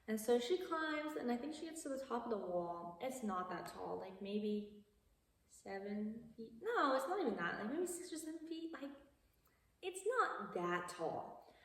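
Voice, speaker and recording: A woman's voice: mid-range voice, animated, moderate pace. A young woman casually recapping a movie plot, chatty with lots of asides and laughs. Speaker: video creator. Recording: echoey hall from far off.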